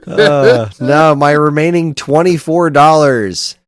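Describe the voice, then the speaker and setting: A man's voice: fairly high pitch, slow, no room sound, clean studio sound. A man co-hosting a podcast, easygoing and joking, often restarting his sentences. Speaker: podcast co-host. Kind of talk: casual chat.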